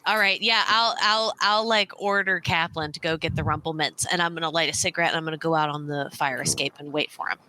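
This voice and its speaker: A woman playing in a tabletop game, chatty and lively, often restarting her sentences. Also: sits low, fast talker, hardly any pauses, slight background noise, poor audio. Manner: chatty, lively, stumbles over starts. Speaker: player. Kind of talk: casual tabletop play.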